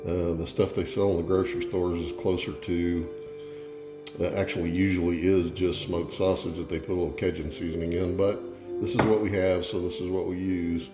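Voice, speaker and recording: A man's voice: low voice, little pitch movement, moderate pace, reverberant, loud music behind the voice. A man hosting a casual cooking demo in a home kitchen, chatty and easygoing, telling a joke along the way.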